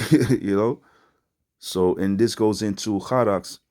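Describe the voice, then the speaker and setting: A man's voice: fairly low pitch, slow pace, mellow. A man giving an informal religious teaching in street slang, rambling with many fillers and ending his phrases with "man". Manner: street-style slangy preaching, repeats "man". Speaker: preacher.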